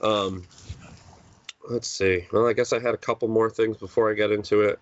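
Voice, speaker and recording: This man's voice is lowish, with a steady tone and a moderate pace. He is co-hosting a podcast, rambling casually through lots of fillers and restarts. The sound is dry, dull and lo-fi.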